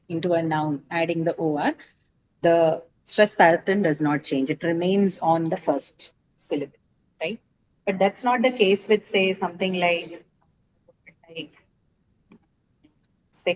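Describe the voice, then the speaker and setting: A woman's voice: lowish voice, darkish tone, a little hiss or hum, low-quality recording. A woman teaching English word stress in a classroom lecture, explaining patiently, asking students questions and often checking with "right?".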